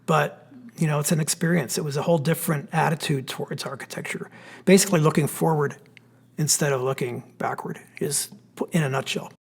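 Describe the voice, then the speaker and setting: A man with a Pennsylvania accent, an architect giving a relaxed, explanatory slide lecture with plenty of fillers. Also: a little high, brisk, creaky. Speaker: architect giving a history talk. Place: church hall.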